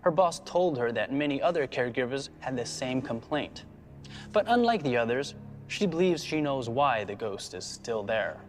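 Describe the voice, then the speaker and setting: Male narrator, mid pitch, calm somber doc voiceover, light music underneath. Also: moderate pace. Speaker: documentary narrator. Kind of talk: scripted narration.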